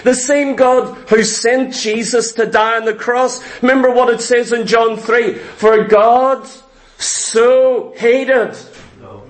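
A man's voice: extremely high pitch, fairly even intonation, slow pace, low-quality recording. A man preaching a sermon, repeating key words and asking the congregation questions.

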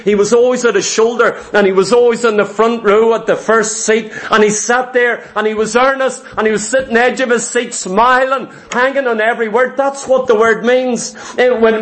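A man preaching a sermon, emphatic and fervent, retelling scripture with vivid asides. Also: extremely high pitch.

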